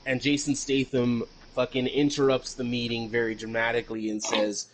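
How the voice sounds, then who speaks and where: A man's voice: medium pitch, level tone, a little fast, a little hiss or hum, poor audio. A man co-hosting a podcast, recapping a movie in rambling casual chat and swearing freely. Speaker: podcast co-host.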